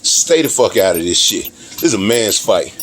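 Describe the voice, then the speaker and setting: A man's voice: lowish voice, very animated, normal speed, a bit bright, slight background noise, pitched below the performer's own voice. A man acting out a furious, dismissive man. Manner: blunt, dismissive, harshly profane. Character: furious man telling a woman off.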